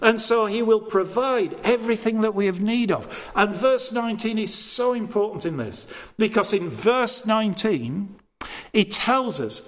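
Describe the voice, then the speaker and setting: High-voiced man preaching an earnest sermon. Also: lively intonation, measured pace. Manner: earnest, blunt, acts out quoted voices.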